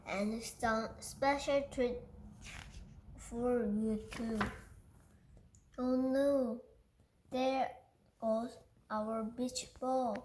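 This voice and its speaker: A woman's voice: on the high side, fairly even intonation, drawn-out words, long pauses, mellow, echoey room, a little hiss or hum. A woman whose first language is Korean reads a picture book aloud carefully, stumbling and restarting on words. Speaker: reader.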